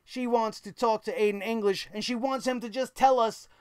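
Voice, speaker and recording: A man's voice: extremely high pitch, steady tone, moderate pace, darkish tone, smooth, no room sound, clean studio sound. A man hosting a wrestling review show, giving blunt, opinionated commentary with casual swearing.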